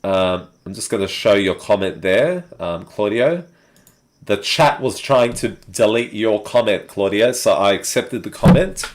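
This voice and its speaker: An Australian man hosting a casual live chat stream and talking to viewers in a relaxed, rambling way with many fillers. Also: fairly low pitch, a little slow.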